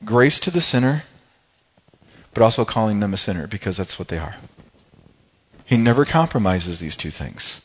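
A man's voice: lowish voice, animated, normal speed, long pauses, breathy edge. A man preaching a sermon in a conversational way, asking his congregation questions. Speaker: pastor. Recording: dull lo-fi sound.

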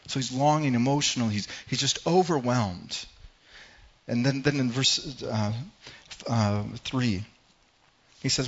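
Earnest guy preaching, keeps repeating himself, goes low and quiet to make a point, kinda dull lo-fi audio. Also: moderate pace. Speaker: pastor. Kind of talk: sermon.

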